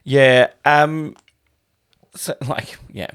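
A man co-hosting a casual movie review podcast, chiming in with quick agreements and playful asides. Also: medium pitch, a bit bright, smooth. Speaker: podcast co-host.

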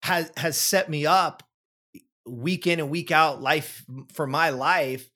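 Animated man in his forties telling a story. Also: fairly high pitch, slow. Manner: animated, repeats words, acts out quotes. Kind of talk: casual storytelling chat.

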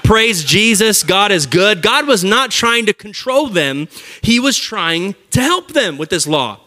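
An energetic man preaching a lively, conversational sermon at a church service. He jokes and calls out to the audience directly. His voice sits high and sounds bright. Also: measured pace.

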